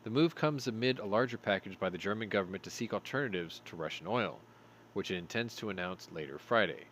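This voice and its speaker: Man, low voice, swings up and down a lot, reads headlines, dry sarcastic remarks, sounds tired, faint hiss. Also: expressive, fast, a bit bright. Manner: sarcastic asides between read headlines. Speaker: show host. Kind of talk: reading news stories with commentary.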